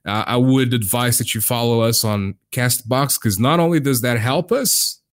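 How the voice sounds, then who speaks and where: A man's voice: mid-range voice, normal speed. A young man hosting a casual podcast, rambling and hesitant with plenty of fillers. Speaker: podcast host.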